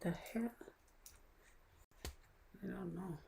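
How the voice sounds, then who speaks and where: Slow-talking woman chatting live. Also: on the low side, gravelly, warm tone, a little hiss or hum, poor audio. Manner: chatty, mutters to herself while fiddling with setup. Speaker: livestream host. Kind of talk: casual live stream chat. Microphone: phone.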